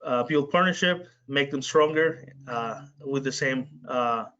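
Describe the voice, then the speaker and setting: A man giving a webinar presentation for a community organization, halting often with filler sounds. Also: medium pitch, bright, forceful tone. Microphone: video call. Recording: muffled video-call audio.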